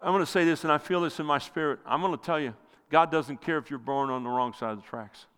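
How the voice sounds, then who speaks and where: A male pastor preaching a sermon with passion, rising loud and then dropping to near quiet. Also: fast talker, clear, resonant tone. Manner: impassioned preaching, swells loud then drops low. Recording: long hall reverb.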